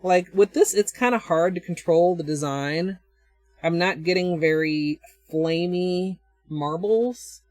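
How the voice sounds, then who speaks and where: Slow-talking Minnesotan woman streamer. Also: on the low side, darkish tone, no room sound. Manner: thinks aloud, chatty, answers chat, chuckles often. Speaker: nail art livestreamer. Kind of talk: casual livestream chat while demonstrating.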